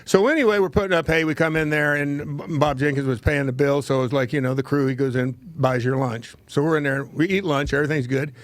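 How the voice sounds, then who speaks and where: A man's voice: fairly high pitch, steady tone, fast, hardly any pauses, no echo. A man in his seventies hosting a talk show, telling a rambling, folksy story from his childhood and laughing at his own tales. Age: 70s. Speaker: host.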